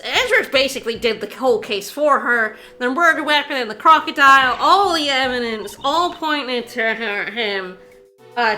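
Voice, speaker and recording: Streaming a video game, a woman talks her viewers through it in casual commentary, using a high, bright voice. She's excitable and insistent, repeats herself and laughs often, while faint game music plays behind her.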